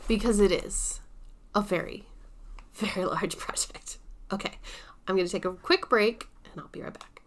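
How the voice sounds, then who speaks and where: A woman vlogger casually shows and tells her stitching projects, unhurried and chatty with some soft asides. Her medium-pitched voice holds a steady tone, with a little hiss or hum in the audio.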